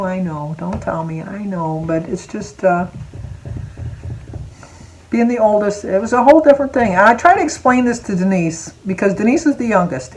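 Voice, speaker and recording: A woman's voice: mid-range voice, rough recording. Chatty older woman telling a rambling story. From Michigan, USA. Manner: chatty and rambling, drifting off topic with asides and laughs; emotional, close to tears. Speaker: vlogger. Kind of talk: casual personal storytelling to camera.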